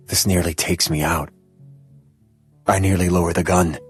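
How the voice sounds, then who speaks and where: Husky low-voiced male audiobook narrator. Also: steady tone, unhurried, long pauses, faint music behind. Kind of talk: first-person audiobook narration.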